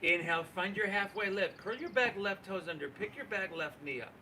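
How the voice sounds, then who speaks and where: A man guiding a live yoga class, cueing poses and breaths in an encouraging, relaxed and folksy way. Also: sits high, fairly quick, slight background noise. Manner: relaxed, folksy, says y'all. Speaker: yoga instructor.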